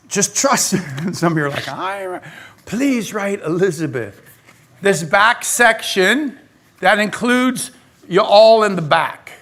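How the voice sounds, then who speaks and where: A male pastor preaching a lively sermon in a church, talking straight to the congregation. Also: high-pitched. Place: church sanctuary.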